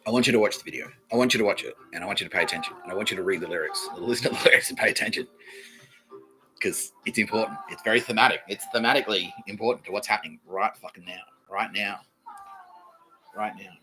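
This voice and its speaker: A man's voice: lowish voice, fast talker, over music, poor audio. A man with an Australian accent hosting a solo comedy podcast, rambling in a profane, boastful way and laughing at his own jokes. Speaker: podcast host.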